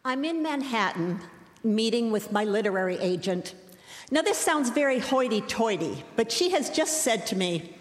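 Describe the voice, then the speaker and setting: A woman's voice: a little high, animated, normal speed, a faint crowd. A middle-aged woman tells a story live to an audience. Her delivery is wry and self-deprecating, and she times the comic lines. Her voice carries through a roomy hall with a long, ringing reverb. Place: large hall.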